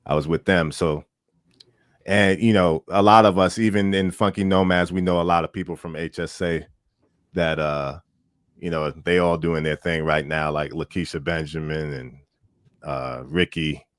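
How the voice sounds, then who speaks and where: Deep-voiced relaxed male musician, dry sound. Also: moderate pace, dry recording. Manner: relaxed, rambling, many fillers. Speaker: musician guest. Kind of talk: casual interview chat.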